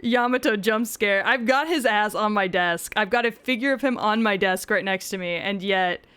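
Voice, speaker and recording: A woman's voice: mid-range voice, normal speed, a bit bright, clean tone. A woman streaming gameplay, chatting casually with frequent swearing and joking asides.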